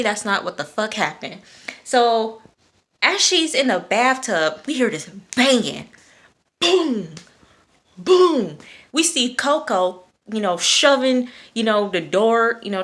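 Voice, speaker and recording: Chatty young woman recapping an episode. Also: medium pitch. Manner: chatty, animated, addresses viewers as y'all; many fillers, outbursts of cursing. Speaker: TV episode reviewer. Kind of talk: casual episode recap to camera.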